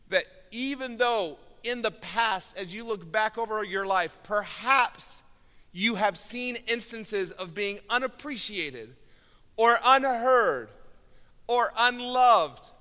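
A man preaching a sermon with earnest emphasis, rising loud on key words and dropping low and quiet. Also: expressive, slow. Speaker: pastor. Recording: long hall reverb.

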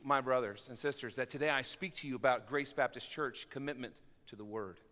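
A man's voice: high-pitched, pushed and bright, in a large hall. A middle-aged man preaching a sermon as pastor, with an earnest, building cadence and repeated lists. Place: church sanctuary.

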